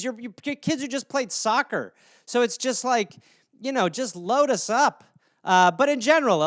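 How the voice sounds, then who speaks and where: A man with a high, smooth voice rambles through comedy riffs and pokes fun at himself. The sound is dry and close to the mic, with lively pitch swings. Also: dry recording. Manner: rambling, self-mocking jokes. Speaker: podcast host. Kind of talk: solo comedy podcast riffing.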